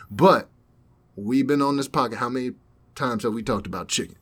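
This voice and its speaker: A man's voice: mid-range voice, moderate pace, husky. Laid-back man telling a story. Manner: rambling, laid-back, many fillers and asides. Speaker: podcast host. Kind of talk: casual storytelling chat.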